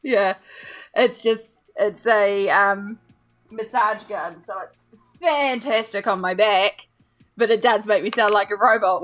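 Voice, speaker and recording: A woman's voice: medium pitch, a bit bright. A woman, chatting casually with viewers on a live stream while she colours, greeting and thanking them by name. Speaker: art streamer.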